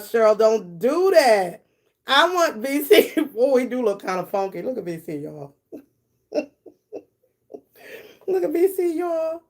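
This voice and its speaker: Brief: woman live-stream host, blunt and gossipy, swears freely, laughs a lot, a bit high-voiced, unhurried delivery. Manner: talks directly to her viewers. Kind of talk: casual live-stream commentary.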